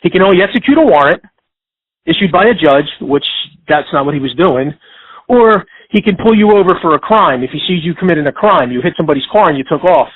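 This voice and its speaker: A man's voice: on the high side, expressive, fast, dry recording. A man hosting a radio talk show, lecturing insistently and repeating his points. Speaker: radio host giving legal advice. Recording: dry phone-line sound.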